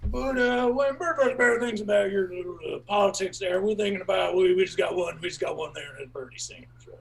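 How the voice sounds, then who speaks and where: A man doing an absurdist stand-up bit at an open mic, rambling and repeating himself in broken folksy grammar, with halting fillers and sudden shouted bursts. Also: high-pitched, gravelly, recorded from a distance, poor audio.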